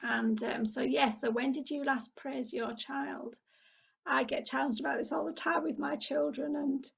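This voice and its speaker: A middle-aged Englishwoman who runs a parenting group talks casually in an earnest, encouraging way. Her voice sits high with some vocal fry, and the sound is lo-fi.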